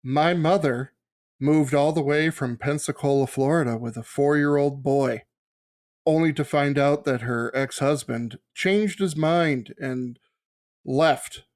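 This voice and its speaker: A man from Minnesota co-hosting a casual movie podcast, telling a story in a deadpan, mock-earnest way. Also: on the high side, slow pace. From Minnesota, USA. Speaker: podcast co-host.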